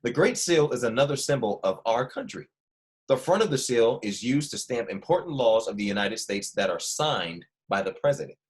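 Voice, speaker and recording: A man's voice: medium pitch, sing-song, moderate pace. A young man with a slight Philadelphia accent, teaching a first grade history lesson and patiently repeating key words for small children. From Philadelphia family. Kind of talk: online classroom lesson.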